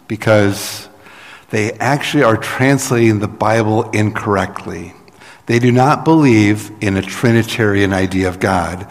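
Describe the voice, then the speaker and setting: A man preaching in a low, unhurried voice that explains things plainly and turns to chatty asides now and then. His words ring out with a long reverb in a church hall. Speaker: pastor. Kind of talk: sermon.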